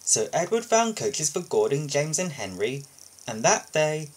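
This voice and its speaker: A man reading a children's storybook aloud as a video host, steady with small slips and restarts. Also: a little high, a little slow, breathy edge.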